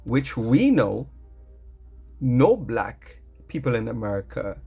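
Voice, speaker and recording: A man speaks at an extremely slow, deliberate pace, his voice gravelly and husky. He stresses each phrase emphatically while faint music plays behind him. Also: mid-range voice, very animated, mellow. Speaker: commentator. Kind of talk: slow commentary over music.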